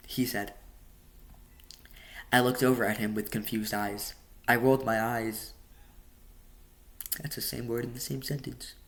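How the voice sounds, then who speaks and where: A man's voice: on the low side, a bit bright. A man reading his novel aloud casually, stumbling and adding joking asides. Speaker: audiobook reader.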